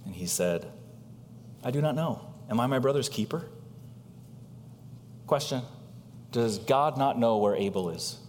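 Animated male preacher in a hall. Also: a little slow, long pauses, a little hiss or hum. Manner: animated preaching with rhetorical questions and big swings in pitch. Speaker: pastor. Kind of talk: sermon.

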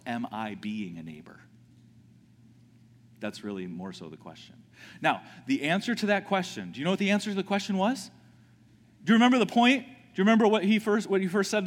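A man preaching a sermon as a pastor, conversational, with frequent restarts and questions to the congregation. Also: medium pitch. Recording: reverberant hall.

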